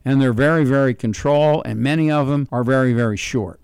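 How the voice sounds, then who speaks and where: Older male host, emphatic commentary, repeats for stress; smooth, clear voice, dry studio sound. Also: medium pitch, fairly quick, a little mellow, dry recording. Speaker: radio show host. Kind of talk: political commentary monologue.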